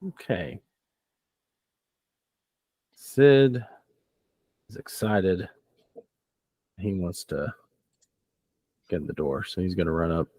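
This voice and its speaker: A man's voice: low-pitched, sing-song, very slow, pauses often, darkish tone, no echo. A man narrating as game master, loose and descriptive, often laughing.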